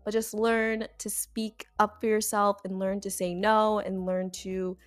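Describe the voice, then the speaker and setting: A woman's voice: medium pitch, level tone, unhurried. A young adult woman hosting a podcast, giving casual advice in a chatty way that is full of "like" fillers. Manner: chatty, frequent "like" fillers, breaks into laughs. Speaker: podcast host.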